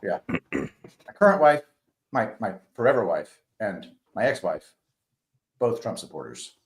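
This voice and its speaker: A man's voice: on the low side, big pitch swings, measured pace. A man co-hosting a podcast in casual, joking, laid-back banter. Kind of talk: casual chat.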